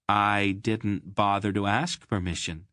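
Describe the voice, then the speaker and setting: A man's voice: on the low side, fairly even intonation, slow, bright, forceful tone, no room sound, clean studio sound. A man voicing a blunt, proud young farm boy in an audiobook. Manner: blunt, matter-of-fact.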